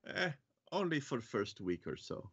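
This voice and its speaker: A man voicing a young male adventurer in a put-on Russian accent, speaking in halting, formal phrases. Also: medium pitch, big pitch swings, fairly bright tone, breathy edge, dull audio, exaggerated voice. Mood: polite.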